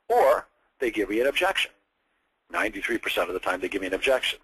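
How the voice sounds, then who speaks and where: A man's voice: on the low side, lively intonation, fast talker, a bit bright, husky, low-quality recording. A man coaching a student on phone sales scripts, explaining step by step with direct examples. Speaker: sales trainer.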